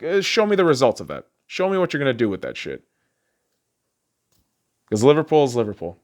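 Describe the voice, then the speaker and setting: A man hosting a podcast, ranting casually and profanely about sports and laughing often as he swings between low mutters and high, excited outbursts. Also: fairly quick, long pauses. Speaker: podcast host.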